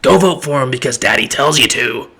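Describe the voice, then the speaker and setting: A man's voice: medium pitch, lively intonation, fairly quick, sharp tone, breathy edge, exaggerated voice. A man putting on a mocking voice as a smug male political boss who bosses his voters around. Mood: mocking bossy. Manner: sneering parody, commanding.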